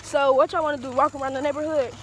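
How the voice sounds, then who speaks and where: A woman's voice: sits high, steady tone, fast talker. A woman vlogging while walking around a neighborhood, chatty and slangy, often out of breath. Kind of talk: casual handheld exploring vlog. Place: outdoors in a neighborhood. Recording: noisy outdoor phone audio.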